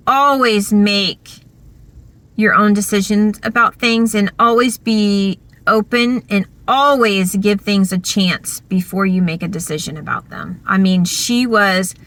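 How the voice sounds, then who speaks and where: A woman vlogger telling a story from her school days in a chatty, animated way, full of fillers. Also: medium pitch. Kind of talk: casual storytelling.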